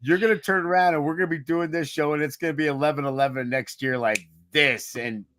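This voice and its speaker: A man's voice: fairly high pitch, steady tone, quick pace, crowd noise. Laid-back male podcast co-host. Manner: laid-back, teasing, says bro. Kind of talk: casual podcast chat.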